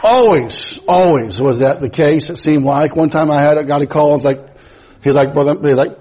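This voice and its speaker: A man's voice: a little high, moderate pace, a little mellow, poor audio. A man preaching a sermon in a folksy, emphatic way, mixing scripture with personal stories. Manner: folksy, storytelling, emphatic rises.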